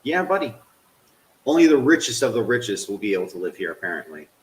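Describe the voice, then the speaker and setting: A man's voice: on the low side, sing-song, quick pace. Roomy-sounding streamer man cursing at a game. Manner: cursing at the game, swings from grumbling to yelling. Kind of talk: live game stream commentary.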